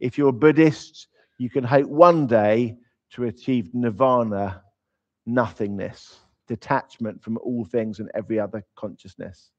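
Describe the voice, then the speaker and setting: A man's voice: on the low side, a little mellow. A man preaching in an informal, conversational way. He is emphatic and drops in humorous asides. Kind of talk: conversational sermon. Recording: slightly dull, lo-fi sound.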